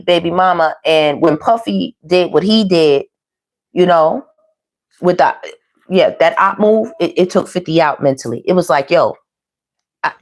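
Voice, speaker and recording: A woman giving a casual tarot reading, chatty and slangy, talking to viewers as y'all and baby. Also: on the low side. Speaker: tarot reader.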